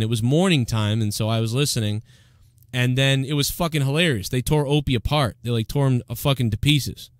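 A man's voice: mid-range voice, no room sound, studio quality. A male podcast host rambling in casual, profane comedic commentary. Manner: rambling, profane, filler-heavy.

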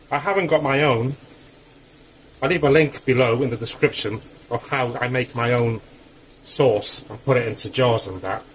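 A man's voice: mid-range voice, a little hiss or hum, poor audio. A man cooking in his home kitchen, talking casually through the steps with chatty asides, a little out of breath. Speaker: home cook.

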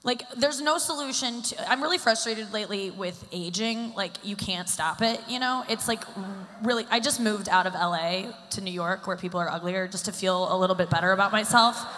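A woman in her thirties performs stand-up on a live event stage. Her voice is bright and sharp, and she rambles in a self-deprecating way, packing her talk with "like"s. The sound rings out with the long reverb of a large hall. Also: medium pitch, a little fast, hardly any pauses. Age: 30s. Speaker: stand-up comedian.

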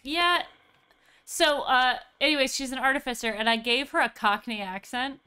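Woman, streamer host, casual game chat, excitable, animated, high voice. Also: smooth. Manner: excitable, animated, quick reactions.

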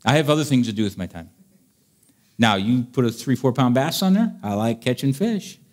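A man's voice: mid-range voice, lively intonation, moderate pace. A man preaching a sermon in a chatty, playful way, reading old-fashioned scripture and acting out the scenes.

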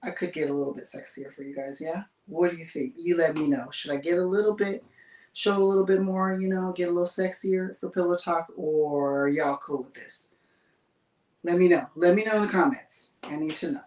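A woman's voice: lowish voice, fairly even intonation, fairly quick, a little mellow. Woman livestream host, casual and talkative with easy laughs, picked up from across an echoey bedroom. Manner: chatty, laughs often while reading viewer comments. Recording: roomy sound from a distance.

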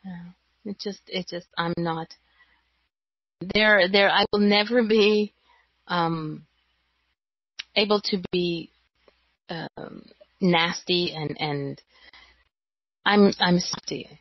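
A woman chatting casually as co-host, pausing with fillers and laughing now and then. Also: lowish voice, steady tone, dry recording. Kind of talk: casual chat. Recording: dry, dull lo-fi sound.

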